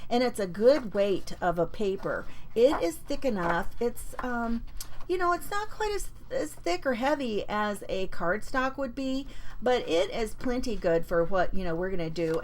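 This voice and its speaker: A woman's voice: on the high side, big pitch swings, measured pace, slight background noise, rough recording. A woman hosting a live paper-craft demonstration from her home craft desk. She chats casually and greets viewers by name as she works.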